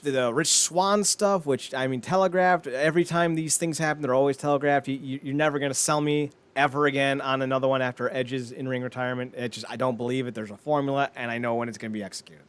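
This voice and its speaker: A man co-hosting a podcast, excitable and mocking in casual chat. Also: mid-range voice. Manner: excitable, mocking, quick to laugh. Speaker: podcast co-host.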